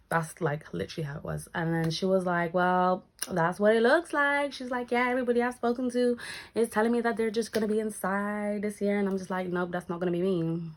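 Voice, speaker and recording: A woman's voice: medium pitch, fairly quick. A young woman telling a casual storytime vlog, acting out the voices in her story and swearing freely. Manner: animated, acts out quoted lines, swears casually. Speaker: storytime vlogger.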